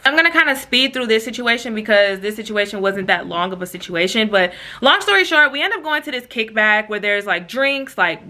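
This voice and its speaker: A young woman tells a storytime vlog in loose, slangy chat, talking straight to her viewers. Her voice is bright and clear at a middle pitch. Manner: slangy, chatty, lively asides to viewers. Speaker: vlogger.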